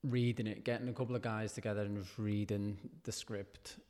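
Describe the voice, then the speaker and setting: A man's voice: lowish voice, flat delivery, brisk, darkish tone, big-room sound. A man chatting casually in a loose, filler-heavy way. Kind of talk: casual chat.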